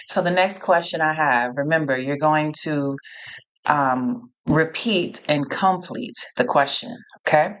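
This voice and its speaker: A woman hosting a live-streamed Q&A, reading out chat replies in an energetic, encouraging way and often repeating herself. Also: low-pitched, measured pace. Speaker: live Q&A host, coach.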